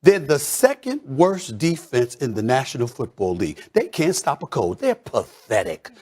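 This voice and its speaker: A man hosting a heated sports debate show, ranting with loud, theatrical mock outrage. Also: mid-range voice, huge pitch swings, moderate pace, husky.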